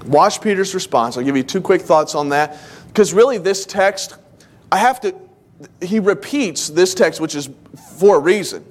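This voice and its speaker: High-voiced pastor preaching a lively sermon. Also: male voice, moderate pace. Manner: animated storyteller who acts out quoted voices. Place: church.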